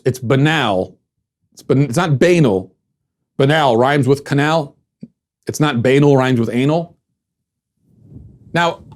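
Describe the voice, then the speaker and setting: A man hosting his own commentary show, delivering a casual monologue full of wry sarcasm. He stumbles and restarts often, with a mid-pitched, ordinary voice. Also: a little mellow. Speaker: podcast host.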